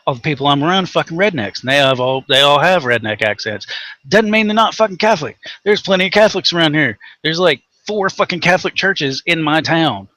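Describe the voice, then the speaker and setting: A man's voice: on the high side, animated, fairly quick, pushed and bright, no room sound. A man from Tennessee with a Southern accent, co-hosting a rant show and delivering angry, sarcastic, profanity-heavy commentary. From Tennessee, USA. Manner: angry, sarcastic, heavy swearing, mocking voices.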